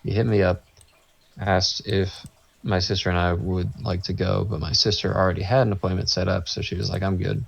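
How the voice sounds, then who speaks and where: A man's voice: deep voice, little pitch movement, fairly quick, vocal fry. A man co-hosting a podcast, telling a rambling anecdote in casual chat and acting out what people said. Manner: rambling anecdote, acts out quotes. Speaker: podcast co-host. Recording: dull lo-fi sound.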